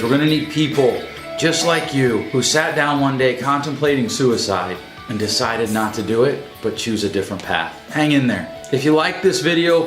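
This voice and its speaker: A man's voice: medium pitch, a bit bright. A man giving an earnest, pleading message straight to the camera as a counselor. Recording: echoey room with faint music.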